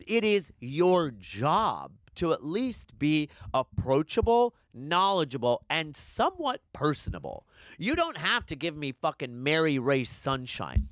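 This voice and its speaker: A man's voice: on the high side, a bit bright, dry recording. A man co-hosting a podcast, ranting in a casual, exasperated way and swearing now and then. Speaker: podcast co-host. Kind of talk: casual rant. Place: New York City.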